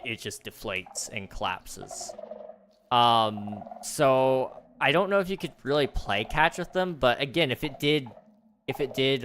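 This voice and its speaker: A man's voice: mid-range voice, a bit bright, a little hiss or hum. A man streaming a game, chatting casually with a rambling, morbid, joking manner and thinking aloud. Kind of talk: casual livestream chat while gaming.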